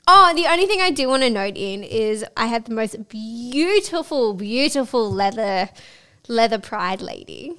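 A woman's voice: a little high, lively intonation, pushed and bright, smooth. A woman co-hosting a podcast, chatting casually and laughing often as she retells stories with acted-out quotes. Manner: giggly, quick storyteller acting out quotes. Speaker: podcast co-host. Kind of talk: casual chat.

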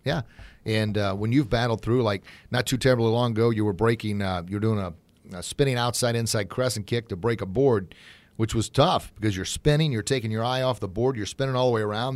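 A man's voice: lowish voice, no room sound. A middle-aged man hosting a podcast and running a martial arts academy, talking with earnest passion and calling his listeners folks.

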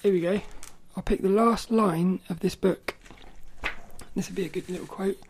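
A woman's medium-pitched voice, fairly even in intonation, comes with a little hiss or hum. She hosts a casual solo podcast, chatting playfully with many restarts and self-corrections, and occasionally reads from a children's book, with quoted passages louder and slower.

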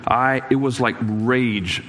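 A man's voice: mid-range voice, fairly even intonation, slow pace, a bit bright. A middle-aged man preaching a sermon, earnest and personal, telling his own stories with frequent restarts. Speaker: pastor. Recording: echoey hall with long reverb.

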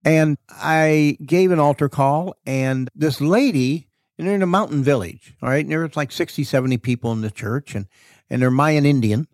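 Animated storytelling preacher, a man. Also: a little high, moderate pace, dry recording. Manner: animated storyteller, acts out quoted dialogue. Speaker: preacher and author guest. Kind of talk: casual storytelling interview.

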